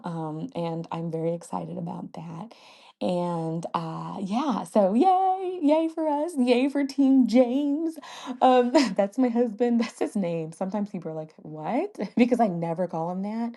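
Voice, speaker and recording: A woman's voice: on the low side, creaky, mellow. A young woman hosting a podcast, chatting casually with many fillers and frequent laughs. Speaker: podcast host. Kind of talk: casual chat.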